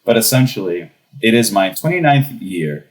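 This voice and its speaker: A young man with a fairly low voice tells a personal story in an easy, conversational way. He gets animated as he goes and laughs through the funny parts. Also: normal speed, poor audio. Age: young adult. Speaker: podcast guest. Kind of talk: casual storytelling.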